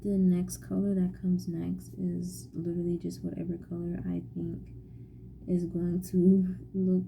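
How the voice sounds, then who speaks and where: A young woman vlogging casually as she paints at home, musing softly and often half-whispering to herself. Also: on the low side, completely flat delivery, unhurried, gravelly, a little hiss or hum, rough recording. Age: young adult. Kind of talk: casual chat while painting.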